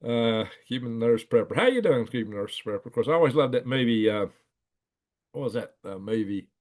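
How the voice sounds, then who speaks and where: A man's voice: medium pitch, expressive, a little fast, darkish tone. Man hosting a live stream, middle-aged, rambling yarn-teller who chuckles and acts out the voices in his stories. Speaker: livestream host. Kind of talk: casual storytelling to live chat.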